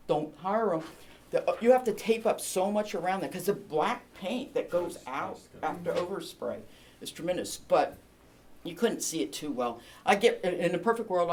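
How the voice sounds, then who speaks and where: A woman realtor presenting a home staging seminar, chatty and emphatic with quick practical asides. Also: lowish voice, darkish tone. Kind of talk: presentation to an audience.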